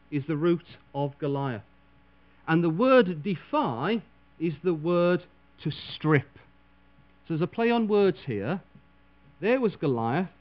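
Man preacher, animated and dramatic, fairly high voice, lo-fi recording with mains hum. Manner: dramatic, voices quoted figures with big swings in pitch and loudness. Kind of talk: sermon.

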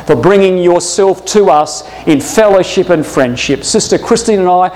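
A man preaching a Bible-school sermon, emphatic, moving between hushed asides and stirred outbursts. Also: high voice, lively intonation, normal speed, big-room sound, slight background noise, low-quality recording.

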